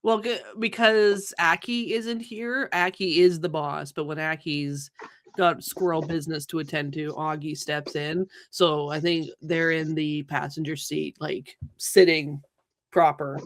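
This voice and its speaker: Tabletop player, casual and unhurried, explaining things in an even mid-range voice. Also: medium pitch, slight background noise.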